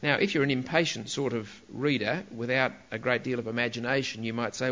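Emphatic preacher with a lively voice. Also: male voice, medium pitch, fast, hardly any pauses, lo-fi sound. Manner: emphatic, rhetorical questions, stressing key words. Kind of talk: sermon.

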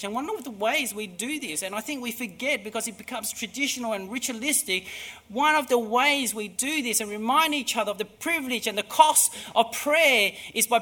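A man preaching a sermon with emphatic delivery that moves between hushed and loud. His voice sits high and has a very bright, sharp edge.

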